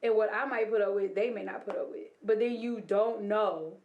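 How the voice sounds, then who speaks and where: A woman's voice: medium pitch, moderate pace, highs cut off, a little hiss or hum. A married woman telling candid, laughing stories in a casual podcast chat. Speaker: podcast guest. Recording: echoey room.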